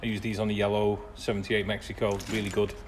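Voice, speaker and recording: A man's voice: lowish voice, completely flat delivery, quick pace, slight background noise. Dry, sarcastic man in a workshop. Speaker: classic car restorer. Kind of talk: workshop vlog narration.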